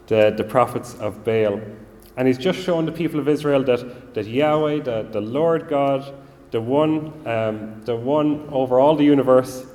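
A man preaching a sermon, earnest and measured, often repeating words as he gathers his thoughts. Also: medium pitch, darkish tone. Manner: earnest, measured, repeats himself while thinking. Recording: long reverb of a large hall.

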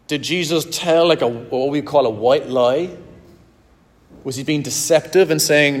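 A pastor preaching a sermon to his congregation, earnest and direct, slowing down to stress key words. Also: on the high side. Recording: long hall reverb.

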